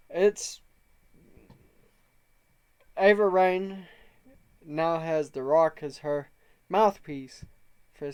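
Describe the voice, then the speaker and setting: A man's voice: on the high side, smooth. A man casually narrating his wrestling management game, reading out the promos and rating each segment. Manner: reads out promo quotes in a slightly raised voice, rates segments.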